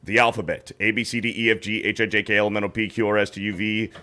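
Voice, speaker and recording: A man with a bright, forceful voice hosts a casual livestream. He reads viewer messages aloud in an easy, joking way. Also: lowish voice, little pitch movement, fast. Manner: reads donor messages aloud, wry asides. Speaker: host reading super chats.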